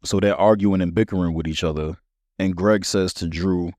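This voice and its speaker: A man's voice: low-pitched, fairly even intonation, moderate pace, darkish tone, no echo, studio quality. A man hosting a solo podcast, talking to listeners in a conversational, emphatic way. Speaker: podcast host.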